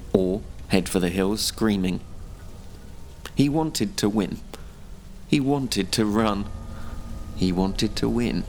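Casting: male narrator with a low, gravelly voice, measured story reading, faint noise behind. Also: darkish tone.

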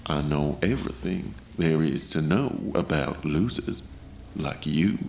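Casting: man putting on a deep, gravelly Southern-accented gambler, slow and creepy storybook villain. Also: a little hiss or hum, full character voice. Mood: sly menace. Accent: Southern American. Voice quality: gravelly, slow, low drawl. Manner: soft-spoken and menacing. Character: tall, creepy, sly male gambler in shark costume. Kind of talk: storybook reading.

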